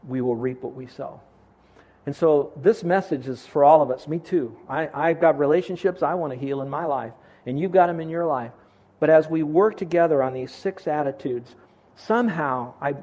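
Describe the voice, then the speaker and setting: A man's voice: darkish tone, lo-fi sound. A man preaching a sermon as pastor of his church, earnest and conversational, lifting his voice to stress a point. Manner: earnest, rises in pitch for emphasis.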